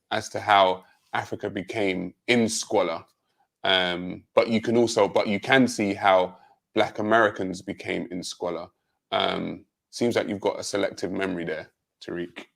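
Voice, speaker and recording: A man with a British accent, giving a measured, pointed rebuttal on a livestream panel, with many um fillers. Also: on the low side, vocal fry. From Jamaica. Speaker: panel guest.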